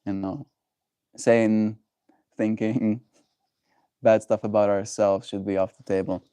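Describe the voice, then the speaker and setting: Soft-spoken man musing on a livestream. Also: lowish voice, little pitch movement, smooth, dry recording. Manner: gentle, musing, thoughtful pauses. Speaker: livestream host. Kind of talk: reflective livestream chat.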